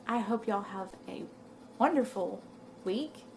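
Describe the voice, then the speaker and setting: A young woman chats to her viewers in a casual, rambling way. Her voice sits at a middling pitch and she sounds a little out of breath. Faint background noise runs under her talk. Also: a little slow. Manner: rambling, chatty, says "y'all". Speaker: knitting vlogger. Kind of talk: casual chat to camera.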